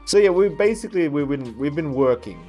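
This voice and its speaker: A man's voice: a little high, very animated, fairly quick, music in the background. A man co-hosting a podcast as an esports caster, in casual, rambling chat with a lot of restarts and some swearing, sounding tired. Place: hotel conference room.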